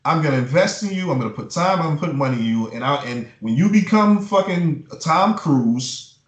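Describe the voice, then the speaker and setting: A man's voice: a little high, animated, a little fast. A man who works as a music publisher, giving blunt, profane advice in a casual interview and ranting with heat. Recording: roomy echo.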